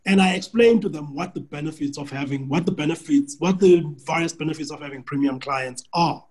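A husky, slightly higher-voiced man coaches a client on a call. He talks in an animated, story-driven way and often restarts his sentences. His tone stays friendly and persuasive. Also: brisk, rough recording. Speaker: business coach. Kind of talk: coaching call answering a question.

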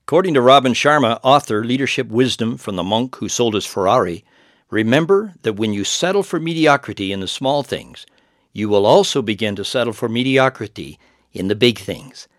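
A man reading a quotation in a formal, measured voice-over. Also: mid-range voice, animated, no room sound, studio quality.

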